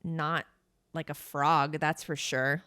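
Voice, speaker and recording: A woman's voice: low-pitched, flat delivery, slow pace, bright, forceful tone, smooth. A young woman co-hosting a podcast, telling a bar story in casual chat, swearing and acting out quotes. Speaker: podcast co-host.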